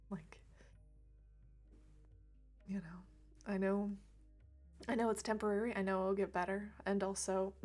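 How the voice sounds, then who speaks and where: A woman speaking gently and reflectively on a livestream about emotions, laughing lightly now and then. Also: medium pitch, level tone, moderate pace, vocal fry, pauses often, faint music behind. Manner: soft, reflective, laughs lightly, drops to near whisper at times. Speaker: reiki streamer. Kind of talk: gentle spiritual talk on a livestream.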